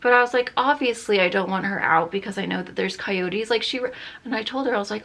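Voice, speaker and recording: Bright, chatty young woman vlogger. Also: medium pitch, fast. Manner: chatty, exasperated, animated storytelling. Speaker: beauty vlogger. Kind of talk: casual storytelling while doing makeup.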